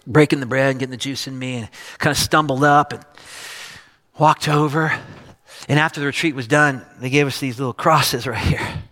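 A man's voice: mid-range voice, fairly even intonation, normal speed, pushed and bright, in a large hall. A middle-aged male pastor preaching a sermon, telling a personal story with acted quotes. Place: church stage.

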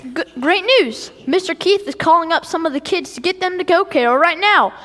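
A woman playing an eager, creative young boy in a church skit, talking in a chatty, excitable way. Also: very high voice, brisk, long reverb tail, a little hiss or hum.

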